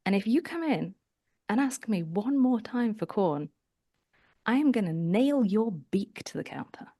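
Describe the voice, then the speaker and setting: A gruff postmaster who has run out of patience growls a slow warning, put on by a woman telling a joke. The voice drops low and quiet compared to her usual talk. The sound is dry and close. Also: lively intonation, dry recording. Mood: irritated. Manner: irritated, threatening. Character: gruff, fed-up male postmaster.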